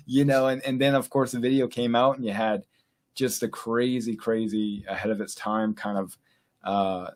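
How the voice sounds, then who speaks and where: A man's voice: mid-range voice, unhurried. A man from Louisiana hosting a podcast, chatting casually with lots of fillers and frequent laughter. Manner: rambling, laughs often, many fillers. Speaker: podcast host. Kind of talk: casual chat.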